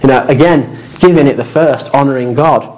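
A man preaches a sermon at a middle pitch. He talks earnestly and repeats his points, with casual asides to the congregation. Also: a little fast, darkish tone, low-quality recording. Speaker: pastor.

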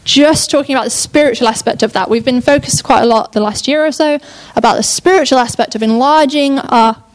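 Young woman preacher, sermon, enthusiastic and chatty, fairly high voice. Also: fairly quick. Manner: enthusiastic, chatty, self-interrupting.

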